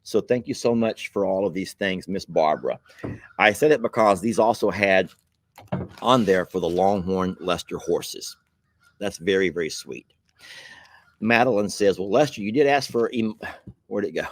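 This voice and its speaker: Folksy man, low and dry. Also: moderate pace, no room sound. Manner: chuckling, folksy, grateful. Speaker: channel host opening viewer mail. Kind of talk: casual chat to camera.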